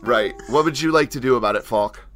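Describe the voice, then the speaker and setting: A man runs a tabletop role-playing game, narrating scenes in a halting way with many fillers. His voice is bright and forward at a middle pitch, with faint music in the background. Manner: hesitant, filler-heavy narration. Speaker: game master.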